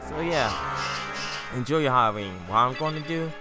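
A man giving casual, animated commentary on his gameplay, joking and trash-talking the enemies. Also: mid-range voice, moderate pace, over music. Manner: animated, trash-talks enemies, jokey asides. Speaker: let's play commentator.

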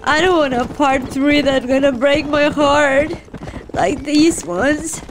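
A woman's voice: sits high, fairly even intonation, slow pace. A woman gaming streamer crying and reacting emotionally, talking outspokenly to the characters on screen. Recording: noisy game audio behind.

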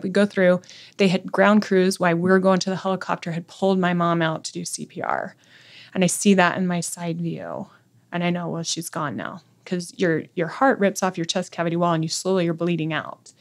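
A middle-aged woman with a lowish, gravelly voice, talking as a podcast guest. She recounts events vividly and intensely, acting out what people said. Her tone stays conversational throughout. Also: steady tone, fairly quick. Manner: intense, vivid retelling with quoted speech. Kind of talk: conversational storytelling.

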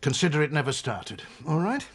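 An actor playing a weary, dry-witted divorce solicitor, who speaks in a measured, formal way and narrates. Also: male voice, fairly high pitch, sing-song, breathy edge. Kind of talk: radio drama with narration.

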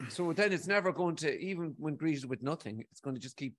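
A man in his forties with an Irish accent, talking in a loose, rambling way and cursing often. His voice sits a touch higher than most men's. The talk is casual and animated. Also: brisk. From Ireland. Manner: rambling, frequent swearing, animated. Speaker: guest speaker. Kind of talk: casual conversation.

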